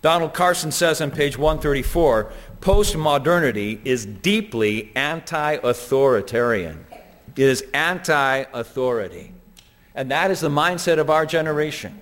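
Earnest preacher guy giving a sermon, echoey church hall, bit high pitched. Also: lively intonation, unhurried, fairly bright tone. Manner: earnest, storytelling preacher with quoted voices. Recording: long hall reverb.

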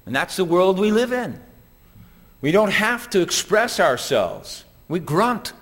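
Man preaching, earnest storytelling, slightly high voice, long hall echo. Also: sing-song, unhurried, fairly bright tone. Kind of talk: sermon.

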